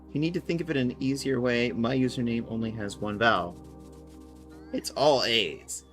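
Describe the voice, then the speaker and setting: A woman's voice: a bass voice, measured pace, pauses often, soft background music. A woman casually chatting and thinking aloud while she plays a game on a live stream, sometimes mocking herself. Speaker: livestreamer.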